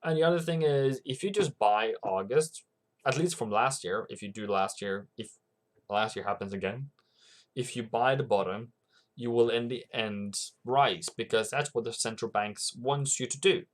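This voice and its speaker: Hosting a livestream for his forex trading channel, a man talks at a normal speed in a mid-range voice. His commentary on currency markets is casual and wandering, and he pauses to read out comments from viewers.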